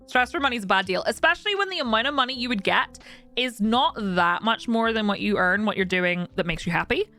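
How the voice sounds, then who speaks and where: A woman's voice: a little high, lively intonation, fairly quick, pushed and bright, faint music behind. A young woman streaming and chatting casually with viewers, candid and talkative, laughing often.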